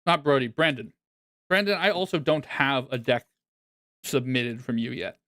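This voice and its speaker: A man's voice: mid-range voice, lively intonation, moderate pace, fairly bright tone. A man chatting casually on a live stream as he reviews viewers' decks, laughing often and poking fun at himself.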